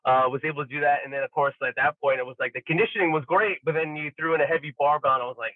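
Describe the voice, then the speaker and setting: A man with a slightly high voice talks fast with few pauses, telling stories as an athlete guest on a casual podcast. He acts out quotes animatedly and uses lots of fillers. The sound is tinny and phone-like, with no echo and a dry quality.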